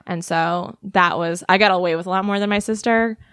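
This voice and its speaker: A woman's voice: lowish voice, steady tone, fairly quick, a bit bright, smooth, no room sound, clean studio sound. A young adult woman comedian, a podcast guest, telling stories in a loose, chatty way with lots of fillers. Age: 20s to 30s. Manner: chatty storytelling with many fillers and laughs. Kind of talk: casual podcast interview.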